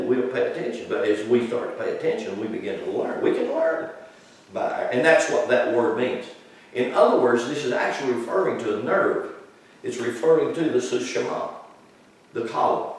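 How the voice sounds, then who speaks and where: A man preaching a sermon to a congregation, explaining scripture and building to loud, high-pitched emphasis. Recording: echoey hall, distant from the mic.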